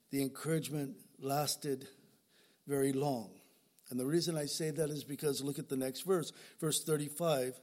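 An older male pastor preaching an earnest sermon, telling stories and often repeating words as he speaks. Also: a little high. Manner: earnest, storytelling, repeats words when moved.

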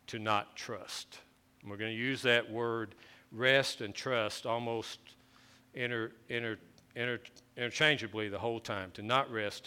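A man's voice: medium pitch, bright, forceful tone, smooth. A man preaching a conversational sermon, often restarting his phrases as he explains the scripture. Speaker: pastor.

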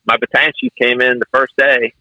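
A man talks through his fire-service stories in an animated, storytelling way, slipping into the voices of the people he quotes. His voice is bright and forceful, and the sound is dry and close with no room around it. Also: medium pitch, brisk, dry recording, muffled recording. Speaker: fire officer guest. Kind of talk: conversational storytelling interview.

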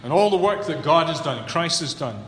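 A man preaching a sermon, building to emphatic peaks and then dropping low and earnest. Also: animated, fairly quick, fairly bright tone. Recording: echoey hall with long reverb, faint room hum.

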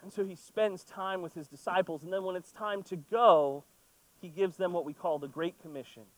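A man with a high voice preaches to his congregation. He reads scripture, then talks through it loosely and playfully. His voice is recorded close and dry. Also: fairly even intonation, normal speed, no room sound, low-quality recording. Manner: conversational, playful asides. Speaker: pastor. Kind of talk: sermon with scripture reading.

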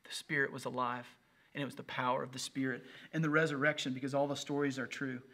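A man preaching an Easter sermon on a livestream. He builds phrases through repetition and swings from loud emphasis to a near whisper. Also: mid-range voice, flat delivery, fast talker. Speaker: pastor.

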